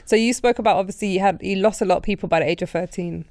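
A man's voice: high-pitched, very fast, darkish tone, no echo, clean studio sound. A man hosting a podcast interview, asking questions and affirming often. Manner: supportive, frequent affirming interjections. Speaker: host.

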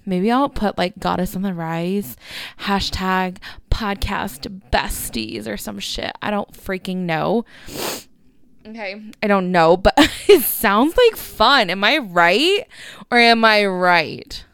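A woman's voice: medium pitch, expressive, takes it slowly, gravelly, smooth, dry recording. A young woman hosting a chatty solo podcast, bubbly and giggly, rambling with lots of "like" into a handheld microphone. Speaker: podcast host.

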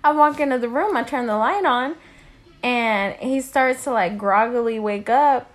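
Animated young woman telling a story. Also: fairly high pitch, measured pace. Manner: animated, profane, acts out quotes loudly. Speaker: podcast co-host. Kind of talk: casual storytelling chat.

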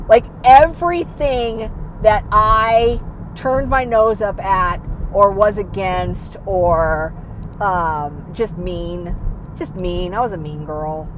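A woman with a mid-range voice speaks slowly over a noisy background, delivering a blunt, self-critical and candid monologue packed with swearing. At times she drops almost to a whisper.

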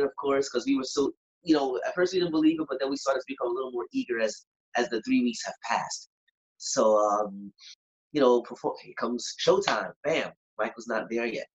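A singer and performer telling a story in a lively, animated way, acting out moments and humming bits of songs. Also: male voice, medium pitch, moderate pace. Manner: animated, acts out moments, sings snippets. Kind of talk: casual storytelling. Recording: dull lo-fi sound.

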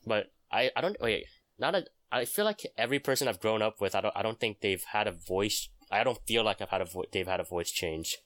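A man's voice: on the low side, expressive, a little fast, a bit bright, no echo. A young man in casual chat, rambling with many fillers and restarts.

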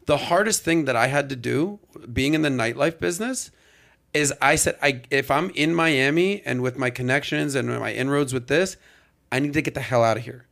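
A man, hosting a casual chat podcast and telling stories with lively quoted voices. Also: mid-range voice, moderate pace, creaky. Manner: animated storyteller, acts out quotes. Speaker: podcast host.

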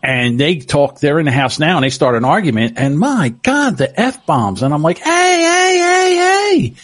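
A man's voice: on the high side, sing-song, moderate pace, slightly rough, no echo. A middle-aged man telling stories in casual chat, laughing often.

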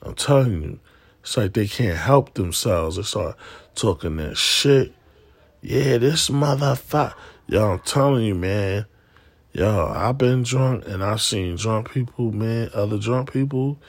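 A man hosting a podcast, talking loosely in slang and acting out quoted people in animated voices. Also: fairly low pitch, unhurried, no room sound. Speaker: podcast host. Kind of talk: casual monologue.

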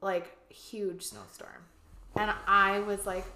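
A woman co-hosting a casual podcast, talking in an animated way, swearing and acting out quoted lines. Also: fairly high pitch, normal speed, slight background noise. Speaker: podcast co-host. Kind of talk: casual chat. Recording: echoey room.

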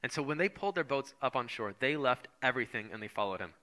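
Bright-voiced man preaching a sermon. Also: mid-range voice, expressive, fast talker. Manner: conversational, acts out voices of the Bible figures. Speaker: pastor.

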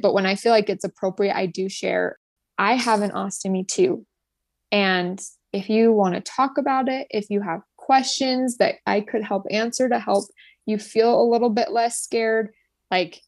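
A young woman in her twenties talks earnestly and gratefully about her work as a nurse, often restarting her sentences and filling gaps with "like" and "you know". Her voice sits at a middle pitch, and the room is dry and close. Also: no echo. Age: 20s. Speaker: guest, nurse. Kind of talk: personal story in an interview.

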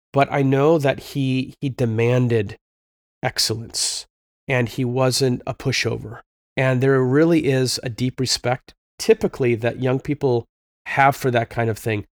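A man's voice: mid-range voice, no echo. Earnest middle-aged man, dry close sound. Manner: earnest, preachy storytelling with fillers. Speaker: podcast host. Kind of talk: conversational Christian parenting talk.

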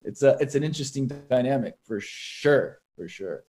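Young man, boxer guest, rambling talk, lots of swearing and fillers, medium pitch. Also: lively intonation, moderate pace, warm tone. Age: young adult. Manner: rambling, profane storytelling with many fillers. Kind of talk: casual conversation.

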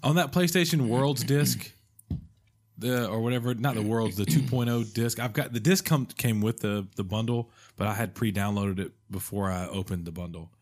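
A man with a somewhat low voice hosting a podcast. He talks in an enthusiastic, joking way, gushing over what he likes. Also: a little mellow. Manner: enthusiastic, joking, quick to laugh. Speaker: podcast host. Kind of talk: casual chat.

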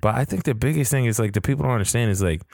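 A man's voice: medium pitch, animated, very fast, gravelly, darkish tone, dry recording, studio quality. A man co-hosting a podcast, laid-back in casual chat, often answering with brief reactions. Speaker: podcast co-host.

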